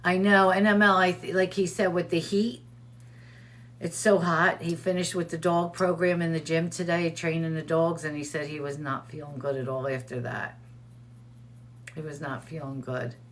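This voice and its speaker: A chatty middle-aged woman hosts a casual livestream with a slightly low-pitched voice. She tells stories by acting out what people said and breaks off to greet viewers in the chat by name. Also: level tone, moderate pace, a little hiss or hum. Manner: storytelling with quoted dialogue. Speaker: host of a livestream show. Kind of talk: casual live-stream chat.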